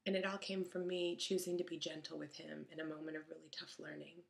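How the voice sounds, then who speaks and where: A mother telling a story about her son in a chatty, animated way, acting out the lines of the people in it. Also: low-pitched, fast talker, vocal fry. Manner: chatty, animated retelling with quoted dialogue. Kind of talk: casual storytelling monologue.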